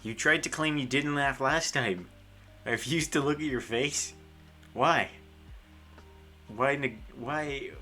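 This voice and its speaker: Male streamer, animated teasing banter, bright voice, faint music under. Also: mid-range voice, unhurried, pauses often. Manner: teasing, swearing, breaks into laughter. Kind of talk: casual chat with a friend on stream. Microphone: headset earphones.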